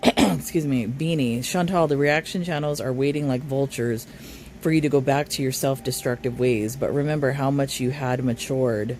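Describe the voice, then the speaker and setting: A man's voice: medium pitch, steady tone, moderate pace, music in the background. A man commentating on a live stream, reading viewer comments aloud and arguing back at them. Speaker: reaction commentator.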